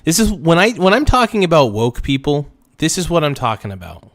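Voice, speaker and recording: A man's voice: fairly high pitch, sing-song, fairly quick, few pauses, a bit bright, no room sound, clean studio sound. A man hosting a livestream, giving blunt, mocking political commentary with rambling asides. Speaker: streamer host.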